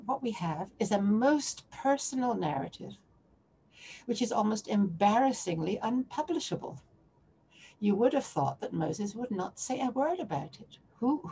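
A woman's voice: a little high, mellow, slight background noise. A woman lecturing on a biblical text to a remote audience, often restarting and posing questions as she searches for words.

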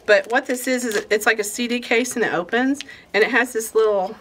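A middle-aged woman chats through new stock at her shop, bubbly and easily sidetracked. She rambles warmly from one item to the next. Faint shop noise hums behind her. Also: on the high side, steady tone, a little fast. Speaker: quilt shop host. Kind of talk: casual chatty product show-and-tell.

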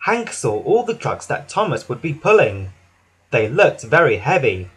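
A man narrating a children's storybook in an expressive read-aloud way, with some restarts. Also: medium pitch, unhurried, breathy edge.

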